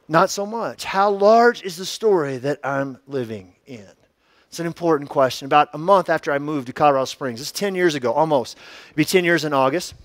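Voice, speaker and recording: High-voiced man preaching a casual sermon. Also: no echo, clean studio sound. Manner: conversational and joking, with rhetorical questions; emphatic, stretching key words for effect. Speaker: pastor.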